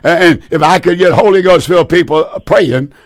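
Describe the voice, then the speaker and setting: A man's voice: normal speed, dry recording, studio quality. Older man preaching a fervent sermon. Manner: fervent pleading, repeats phrases, trails off low at line ends. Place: seated indoors.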